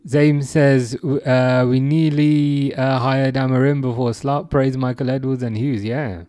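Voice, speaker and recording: A man's voice: medium pitch, steady tone, measured pace, dark tone, no echo, clean studio sound. A young man from England hosting a casual live chat, reading out viewer comments, laughing often and restarting his sentences. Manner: chatty, laughs often, many restarts and fillers. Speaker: live stream host.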